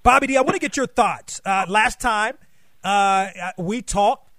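A man's voice: high-pitched, unhurried, a bit bright, no echo, clean studio sound. A man hosting an interview show, asking long, rambling questions with enthusiasm. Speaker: show host.

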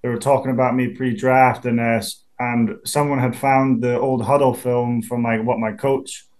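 A relaxed Scottish man in his twenties, speaking at an ordinary middle pitch. He talks easily as an interview guest, stumbles and restarts, and chuckles along the way. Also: moderate pace. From Scotland. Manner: easygoing, restarts a lot, chuckles. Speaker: professional football punter, guest. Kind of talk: casual interview.

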